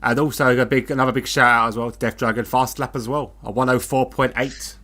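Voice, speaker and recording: A man from the United Kingdom giving casual live race commentary, relaxed and joking with his co-host. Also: medium pitch, quick pace. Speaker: co-commentator of a sim racing league.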